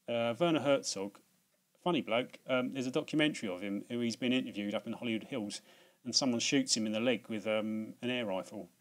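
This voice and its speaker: A man's voice: mid-range voice, a little fast. British male vlogger, mid-range voice, loose rambling delivery full of false starts. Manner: rambling, many restarts and fillers; laughs at himself, swears casually. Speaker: video host. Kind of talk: casual chat.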